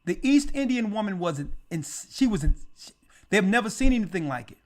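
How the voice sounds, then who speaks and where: A man speaking as a church elder, telling a testimony in an animated conversational way and repeating words for emphasis. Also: high-pitched, a little fast.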